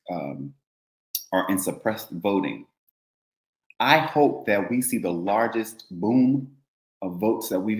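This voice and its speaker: Man, lowish voice, emphatic rallying speech, echoey room. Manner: emphatic, repetitive rallying calls. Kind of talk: impassioned political commentary.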